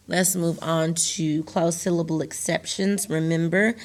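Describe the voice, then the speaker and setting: A woman teacher giving a recorded lesson to young students, slowly enunciating words and sounds for them to repeat. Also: on the low side, steady tone. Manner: slow, deliberate, enunciating words for young learners.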